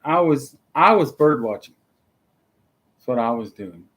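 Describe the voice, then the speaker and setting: A man's voice: mid-range voice, animated, a little slow, a bit bright. A middle-aged man, co-hosting a casual live chat and breaking in with short, dry remarks. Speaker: co-host.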